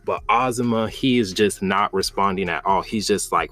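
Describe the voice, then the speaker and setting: Low-pitched man, casual manga recap, excited and rambling. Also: normal speed. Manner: loose and enthusiastic, heavy on "like" and "bro". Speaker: manga reviewer.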